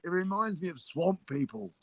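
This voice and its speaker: A loud, cheerful man with an Australian accent, his voice sitting a little high. He talks in bursts of slang and praise while chatting on a live panel stream. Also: moderate pace. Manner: boisterous, slangy, effusive. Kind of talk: casual live-stream chat.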